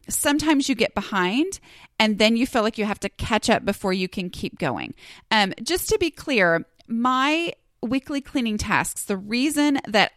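A woman's voice: mid-range voice, vocal fry, a bit bright. A woman talks through her own podcast in an easygoing, rambling way, scattering fillers and poking fun at herself. Her voice sits in a middling range. The sound is close and dry, with no room echo. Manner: chatty, rambling, self-deprecating with many fillers. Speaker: podcast host. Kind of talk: casual solo podcast talk.

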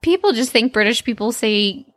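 A woman's voice: fairly high pitch, animated, moderate pace, a bit bright, no echo, studio quality. A woman co-hosting a podcast, chatting playfully about a cartoon episode and laughing easily. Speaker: podcast co-host.

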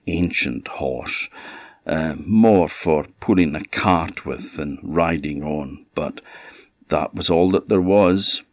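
A man with an Orcadian accent telling a folktale in an unhurried, conversational way with asides. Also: sits low, no echo. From Orkney, Scotland. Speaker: storyteller. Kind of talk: oral folktale storytelling. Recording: slightly dull dry audio.

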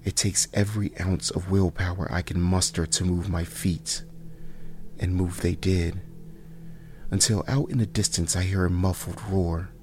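A man narrating a first-person horror story in a slow, hushed delivery that sometimes drops to near whispers. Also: sits low, fairly even intonation, slight background noise.

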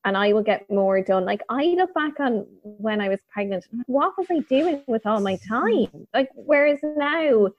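A woman's voice: on the high side, lively intonation, measured pace, hardly any pauses, no echo. A woman comedian co-hosting a casual podcast chat. She muses with wry humor. The recording is dull and lo-fi, with a dry, close sound.

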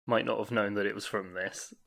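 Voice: low voice, fairly even intonation, a little fast, creaky, fairly bright tone. A podcast co-host chatting eagerly about a film, laughing a lot. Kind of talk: casual film chat.

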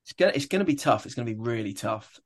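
A man's voice: medium pitch, animated, racing. A young adult man, a stadium announcer, chatting in an interview and telling stories with enthusiasm and many restarts. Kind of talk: casual interview chat.

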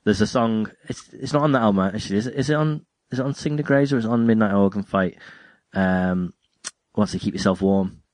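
A man talking in a fairly low voice as a podcast host, drifting through anecdotes with plenty of restarts and jokes. The sound is dry and close to the mic, with no room around it. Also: brisk, a little mellow, no echo. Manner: rambling, self-interrupting, jokey. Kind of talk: casual chat about music.

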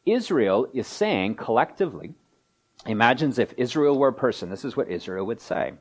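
Male pastor, lively pitch, sermon delivery with dramatic quoted voices. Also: moderate pace. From Canada. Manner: animated, acts out quoted voices with wide pitch swings.

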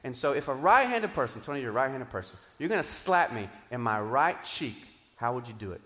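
A man, a pastor, preaching a sermon in a lively, animated way, moving between loud, emphatic bursts and quiet asides. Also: mid-range voice, brisk. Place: church auditorium. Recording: long hall reverb.

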